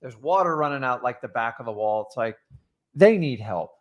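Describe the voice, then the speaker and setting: A man's voice: medium pitch, lively intonation, normal speed, highs cut off. A middle-aged man with an ordinary, mid-range voice gives earnest advice. He talks straight to viewers in a casual coaching tone. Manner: earnest, advice-giving, addresses viewers as guys. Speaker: co-host, real estate investor.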